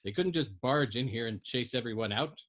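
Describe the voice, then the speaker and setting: A man's voice: medium pitch, animated, moderate pace, fairly bright tone. A man voicing an angry young soldier who insistently demands answers.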